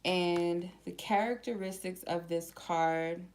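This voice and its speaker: A woman giving a casual tarot reading to her viewers, chatty and slangy, slowly reading out card keywords one by one. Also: fairly low pitch, steady tone, a little mellow. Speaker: tarot reader.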